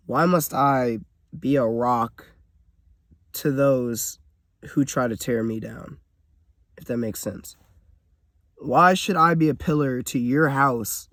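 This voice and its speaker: A man's voice: medium pitch, measured pace, dry recording, studio quality. A man in his twenties giving a blunt, profane, emotional vlog rant from inside his car. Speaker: vlogger.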